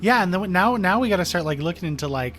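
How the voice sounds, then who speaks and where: A man's voice: high-pitched, quick pace, faint music behind. Chatty, laid-back man podcast host. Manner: relaxed, chatty, laughs easily, many fillers. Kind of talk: casual chat.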